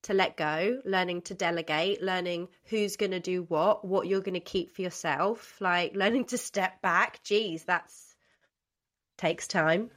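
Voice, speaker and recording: A woman's voice: lowish voice, measured pace, fairly bright tone. A woman hosting a casual podcast interview, enthusiastic and chatty, with many "like" and "you know". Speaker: podcast host.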